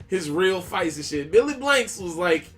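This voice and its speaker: A man's voice: sits high, big pitch swings, normal speed, a bit bright, soft background music. A man co-hosting a podcast, chatting casually and profanely with slang about TV shows. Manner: profane, laid-back, slangy. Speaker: podcast co-host. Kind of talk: casual chat.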